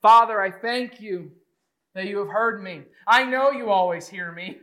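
Man doing Jesus, earnest grown man, tender yet commanding, high voice. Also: a little slow. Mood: earnest prayer. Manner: earnest, rising to a loud call.

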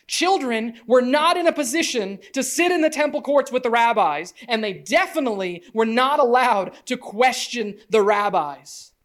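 A woman teaching a conversational Bible lesson as a parent, animated and lively, acting out the people she quotes. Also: mid-range voice. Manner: parent speaking from family life.

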